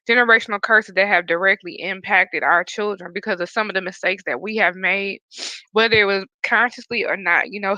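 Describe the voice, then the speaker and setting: A woman's voice: medium pitch, sharp tone, dry recording. A woman hosting a podcast, earnest and close to tears as she talks. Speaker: podcast host. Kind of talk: podcast conversation. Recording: dull dry lo-fi sound.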